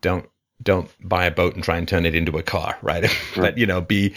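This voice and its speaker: At a normal speed, a male host of a call-in advice show makes his points emphatically. Rhetorical questions and lively pitch shifts mark his delivery.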